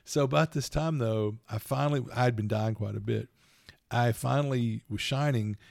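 A middle-aged man co-hosting a podcast, telling rambling, animated stories with plenty of laughs. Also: medium pitch, normal speed, creaky, dry recording, clean studio sound. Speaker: podcast co-host. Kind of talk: casual chat.

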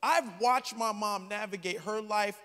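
Preacher guy, high bright gravelly voice, gets loud and shouty, big echoey hall. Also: measured pace. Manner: animated storytelling with sudden shouted peaks. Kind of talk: sermon. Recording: long hall reverb.

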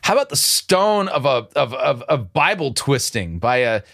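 A man's voice: medium pitch, very animated, normal speed, gravelly, a bit bright. A man hosting a commentary show, picking apart a sermon clip with sarcastic, incredulous remarks and frequent restarts. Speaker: host.

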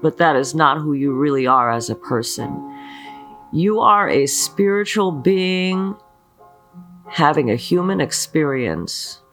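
An earnest spiritual teacher talks at an unhurried, deliberate pace, with a voice that swoops widely up and down. The talk leans on rhetorical questions and frequent check-ins with the listener. Faint guitar music plays softly underneath. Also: mid-range voice, lively intonation. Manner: earnest, asks many rhetorical questions, often checks in with "okay". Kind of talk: slow motivational spiritual talk leading a mantra.

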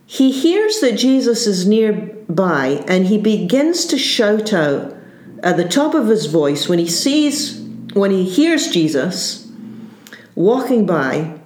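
A woman's voice: mid-range voice, big pitch swings, takes it slowly, a little mellow, echoey room, a little hiss or hum. A woman pastor giving a sermon in an earnest, searching way, often restarting her phrases as she thinks them through.

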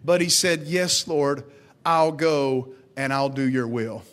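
A man's voice: mid-range voice, slow. A middle-aged pastor preaching a sermon, acting out scripture quotes with dramatic rises in his voice. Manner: dramatic rises when quoting God.

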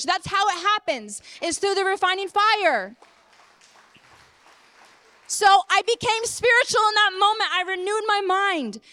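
High-voiced woman preaching earnestly. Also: lively intonation, unhurried, long pauses. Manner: earnest testimony, swings from hushed to impassioned. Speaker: apostle and preacher. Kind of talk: sermon.

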